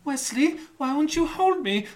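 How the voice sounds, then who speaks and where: A man voicing a lovesick young princess in a high, pleading falsetto. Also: lively intonation, unhurried, background noise. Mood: swooning. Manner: shrill falsetto, breathless pleading.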